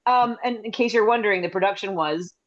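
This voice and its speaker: A middle-aged woman comedian telling stories in a rambling, chatty way with quick asides, over a video call. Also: mid-range voice. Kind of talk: casual comedic storytelling. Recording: slightly dull video-call audio.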